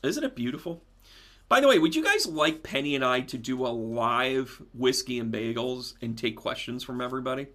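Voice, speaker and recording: A man hosting a casual live stream as a spiritual medium and astrology teacher, chatting animatedly with viewers and breaking into loud laughter. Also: medium pitch, lively intonation, moderate pace.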